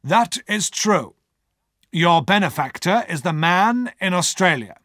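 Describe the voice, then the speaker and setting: A man's voice: high-pitched, lively intonation, a little slow, pushed and bright, dry recording, clean studio sound, voice pushed up, exaggerated voice. A man voicing a cautious middle-aged male lawyer who speaks in a clipped, guarded way.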